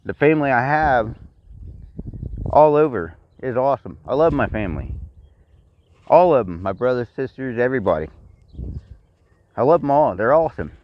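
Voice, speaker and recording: A man's voice: medium pitch, very animated, moderate pace, long pauses. A middle-aged man with a Texan accent, delivering a blunt, profane personal rant full of repeated complaints. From Texas. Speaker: vlogger. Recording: dry, dull lo-fi sound.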